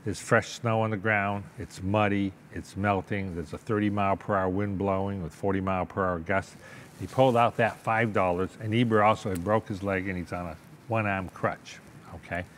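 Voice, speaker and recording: Older man telling an animated story. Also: sits low, moderate pace, a little hiss or hum. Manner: animated storyteller, acts out voices, keeps asking "okay?". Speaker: interview guest, business owner. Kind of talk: storytelling in a sit-down interview.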